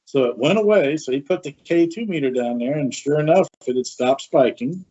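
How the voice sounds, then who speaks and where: A man hosting a podcast, chatty and animated as he tells a story with asides. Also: a little high, a little fast. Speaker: podcast host. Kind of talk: casual storytelling. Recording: dull lo-fi sound.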